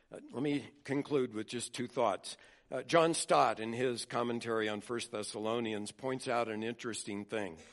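A man preaching as a pastor, reading scripture slowly and building to emphatic points before dropping soft again. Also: medium pitch. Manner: expressive preaching, slows down to read scripture. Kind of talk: sermon.

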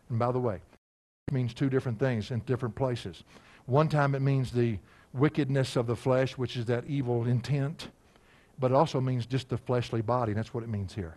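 A man preaching an expository sermon, quizzing his listeners and slowing down to read scripture aloud. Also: medium pitch. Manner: animated, asks the congregation questions, slows for scripture.

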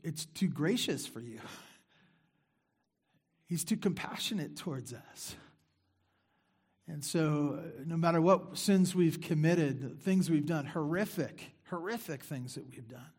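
A middle-aged man preaching a sermon in a conversational way, repeating phrases for emphasis and dropping into quiet asides. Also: on the high side, takes it slowly, pauses often, slightly rough. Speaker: pastor.

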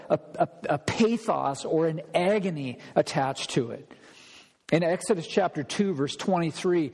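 A man's voice: on the high side, darkish tone. A man preaching an expository sermon as pastor, speaking emphatically and acting out pleading prayers. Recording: long hall reverb.

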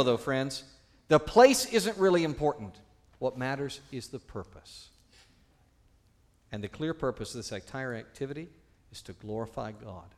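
Male pastor preaching a sermon; somewhat high voice, emphatic, swings from loud to hushed, quizzes the congregation. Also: lively intonation, moderate pace. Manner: teaching, asks the congregation questions.

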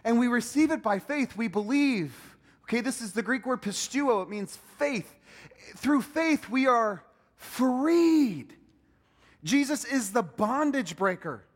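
A man preaching a sermon as pastor, swinging between loud emphatic peaks and soft low asides. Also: lively intonation, slow pace. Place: church sanctuary. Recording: long hall reverb.

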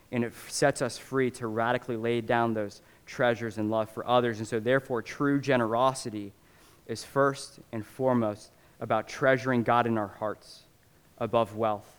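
A man preaching from the pulpit, his voice sitting at an ordinary middle pitch. He tells stories in a loose, animated way, full of "uh" and "like." The sound hangs in a long reverb, as in a big church hall. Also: smooth. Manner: casual, animated storytelling with many fillers. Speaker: pastor. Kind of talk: sermon.

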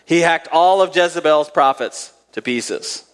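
A man's voice: on the high side, unhurried, clean tone, long reverb tail. A man preaching a sermon, reading scripture aloud and retelling Bible stories in a conversational way with dramatic emphasis.

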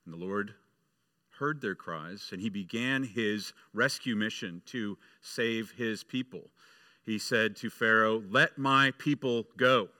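Bright-voiced storytelling male pastor. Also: lowish voice, slow, no echo, clean studio sound. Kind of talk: sermon.

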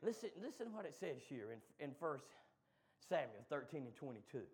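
High-voiced preacher man building to shouts. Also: sing-song, husky. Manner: builds from low, quick asides to loud shouted call-and-response. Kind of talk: sermon.

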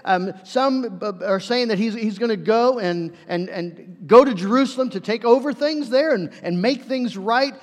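High-voiced preacher in an echoing hall. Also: male voice, moderate pace, hardly any pauses. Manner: earnest storytelling with acted-out quotes. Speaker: pastor. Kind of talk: sermon. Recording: long hall reverb.

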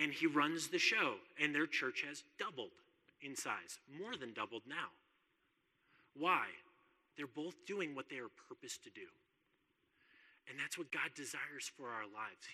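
A man's voice: medium pitch, pushed and bright, long reverb tail. A man preaching a sermon in an earnest, conversational way, often repeating words as he makes a point.

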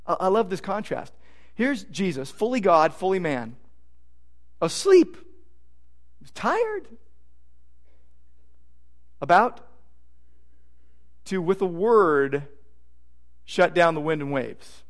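A man preaching a sermon as pastor, emphatic, repeating phrases and swinging from loud declarations to hushed asides. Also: sits high, animated, measured pace, pauses often.

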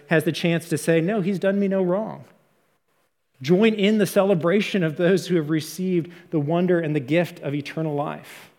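An earnest man preaches a sermon, working through the text and posing rhetorical questions. His voice sits a little high for a man. It rings out with a long reverb, as if he is in a large hall. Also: a little mellow. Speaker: pastor.

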